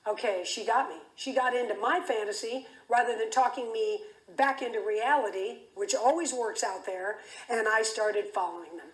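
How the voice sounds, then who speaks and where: Woman, high voice, keynote speaker, dramatic storytelling, restarts, echoey room. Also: moderate pace. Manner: vivid, intense retelling with frequent restarts. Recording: roomy echo.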